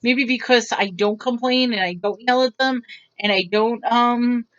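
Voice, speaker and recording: Here the vlogger's voice sits on the high side and moves unhurriedly. She spins casual, wandering anecdotes, lively in delivery and performing other people's words, over muffled lo-fi audio.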